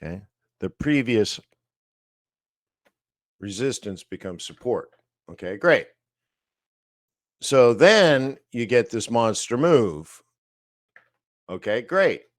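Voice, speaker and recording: A man teaching trading live, walking through price charts slowly, thinking aloud with fillers and asides. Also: mid-range voice, very animated, no echo, clean studio sound. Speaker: trading educator.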